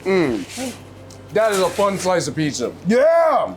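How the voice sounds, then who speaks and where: Young male food-show host, high-ish voice, excitable tasting reactions. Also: unhurried, a little hiss or hum.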